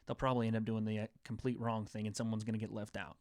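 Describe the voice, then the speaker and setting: A man's voice: lowish voice, level tone, very fast, a little mellow, dry recording, clean studio sound. A young man hosting a casual sports chat show, rambling enthusiastically through fight news. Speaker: host.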